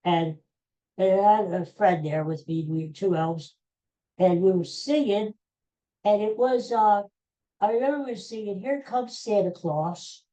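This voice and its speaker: A woman's voice: medium pitch, a little slow, pauses often, warm tone, poor audio. A middle-aged woman hosting her own podcast, chatting casually and rambling through stories with restarts and asides, giving blunt sports opinions. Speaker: podcast host. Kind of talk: casual solo podcast chat.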